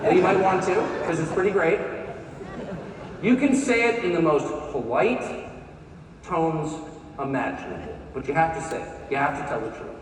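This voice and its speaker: This is a sarcastic conference speech by an American man in his fifties, heard from far off in an echoing large hall with a faint crowd and slight background noise. He talks at a moderate pace in a voice on the high side.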